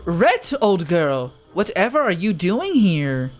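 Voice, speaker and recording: A man doing a spoiled whiny young lord with a nasal drawl, haughty and put-upon, his pitch swooping all over as he grumbles through game lines. Faint game music hums behind him. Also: sing-song, exaggerated voice. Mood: complaining. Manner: haughty, drawn-out complaining. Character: pompous whiny young nobleman, spoiled and idle. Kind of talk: reading game dialogue aloud.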